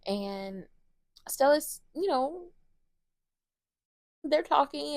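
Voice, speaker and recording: A woman's voice: on the high side, gravelly, darkish tone, no room sound, clean studio sound. A woman hosting a casual soap opera recap, blunt and opinionated, swearing freely as she retells scenes in quoted lines.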